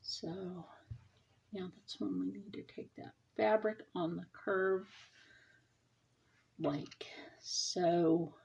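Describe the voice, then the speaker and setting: A woman's voice: medium pitch, steady tone, takes it slowly, creaky, a little mellow, lo-fi sound. A middle-aged woman hosting a casual sewing tutorial, chatting and explaining each step as she sews. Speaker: sewing channel host.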